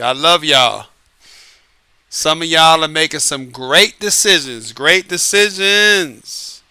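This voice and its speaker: A man hosting his own show as an author, giving a casual, lively monologue, repeating himself and laughing often. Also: a little high, clear, resonant tone, dry recording. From United States. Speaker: podcast host and author. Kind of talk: casual late-night monologue. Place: Southern California.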